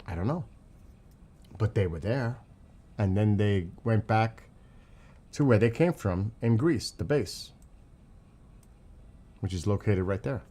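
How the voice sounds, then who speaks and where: A man from New York City with a New York accent, hosting a livestream and commenting on flight tracks while reading chat, excitable and rambling, asking questions as he goes. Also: on the low side, slow pace, long pauses.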